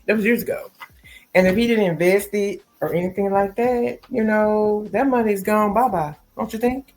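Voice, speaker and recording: A woman's voice: medium pitch, moderate pace, a little mellow, soft background music. A woman hosting a casual gossip podcast, talking straight to listeners and calling them y'all and baby. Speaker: podcast host. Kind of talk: casual celebrity gossip commentary.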